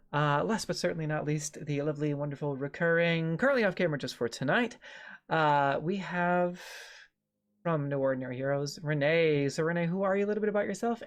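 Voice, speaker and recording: A low-voiced woman hosts a tabletop game stream. She sounds upbeat and laughs easily as she introduces each player. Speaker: game master and stream host.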